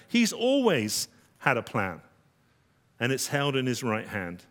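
A man pastor preaching a sermon, dramatic, rising high on quoted lines. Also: huge pitch swings, slow, fairly bright tone, big-room sound.

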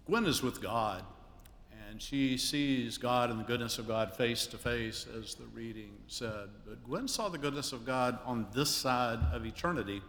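A male pastor gives a measured funeral sermon, and his phrases often fall away softly at the end. His voice carries a long church reverb. A faint noise sits underneath it. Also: medium pitch. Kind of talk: funeral sermon and scripture reading. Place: church sanctuary.

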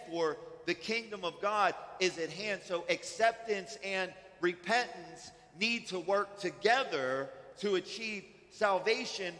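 A man's voice: high voice, pushed and bright, long reverb tail. A man preaching a sermon as pastor, in a conversational way with frequent restarts. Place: church sanctuary.

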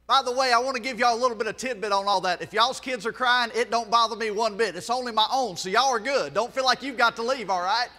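A Southern US man preaches in a very high, bright, ringing voice, swelling into shouts and dropping into joking asides to the congregation. His sermon carries a long church-hall reverb. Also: fast, few pauses. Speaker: pastor. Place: church sanctuary.

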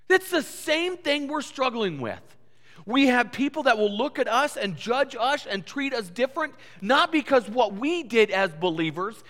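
A man preaching a sermon in a church, telling stories in an animated way and often repeating his words. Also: high voice. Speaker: pastor. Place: church sanctuary. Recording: reverberant church hall.

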